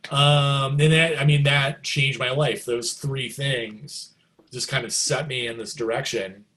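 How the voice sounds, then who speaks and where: Middle-aged male musician guest, casual storyteller, chatty and animated, average pitch. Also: a little slow. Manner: animated, jumps into excited quoted reactions; loose and chatty, many likes and you knows.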